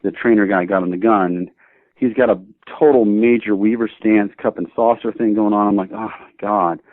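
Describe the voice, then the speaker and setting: A man guest telling a casual anecdote in an animated way, acting out both sides of the conversation. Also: lowish voice, a little fast, no echo. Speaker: guest, shooting instructor. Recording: dry, tinny phone-like audio.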